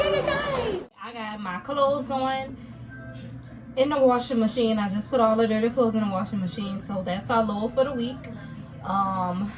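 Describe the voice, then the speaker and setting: A woman's voice: fairly high pitch, background noise. A young woman, chatting casually and rambling with many fillers in a home vlog. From Louisiana, USA. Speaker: vlogger. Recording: music playing behind.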